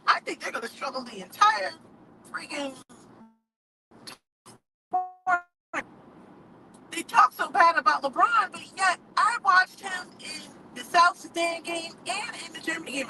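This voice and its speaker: A woman giving her opinions in a casual monologue; outspoken and animated, she laughs often and keeps coming back to rhetorical questions. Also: very high-pitched. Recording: steady background noise with passing traffic.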